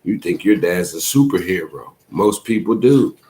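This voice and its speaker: A man's voice: sits low, expressive, moderate pace, a little mellow, a little hiss or hum. A man hosting a show, speaking in a heartfelt, preachy casual monologue with a habit of saying "man" often. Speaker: host.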